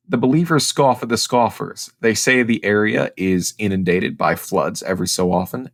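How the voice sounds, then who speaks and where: A man's voice: on the low side, a bit bright. A man from Ohio co-hosting a casual podcast, reading out notes and teasing his co-host with mock indignation.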